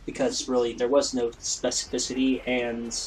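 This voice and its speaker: Male let's play host, casual rambling commentary, self-deprecating, average pitch. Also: monotone, moderate pace, a little hiss or hum, poor audio.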